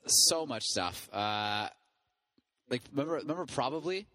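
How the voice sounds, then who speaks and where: A man on a podcast recalling his old band in relaxed, rambling casual chat. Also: medium pitch, a little slow, dry recording. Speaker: podcast host, former band musician.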